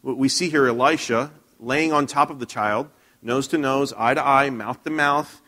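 A man's voice: mid-range voice, normal speed, pushed and bright. A man preaching a sermon in a church, telling a Bible story conversationally with frequent restarts and questions to the congregation. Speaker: pastor.

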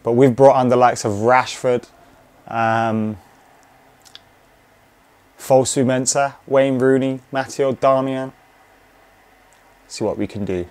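Speaking slowly with long pauses, this young man's mid-range voice is smooth, a little mellow and steady in tone. He's a gaming commentator giving relaxed live commentary, cheering and swearing at the game.

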